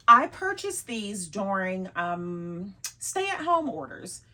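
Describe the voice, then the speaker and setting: Woman, casual vlog chatter, husky tone, mid pitch, laughs a lot. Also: very animated, takes it slowly, hardly any pauses, bright, forceful tone. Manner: chatty, laughs often, teasing herself. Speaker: vlogger showing her luxury bags.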